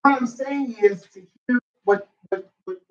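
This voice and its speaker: A man in a couples workshop sharing a personal story in a reflective, halting way. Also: extremely high pitch. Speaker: workshop participant. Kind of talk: personal storytelling in group discussion. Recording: distant, dull, roomy recording.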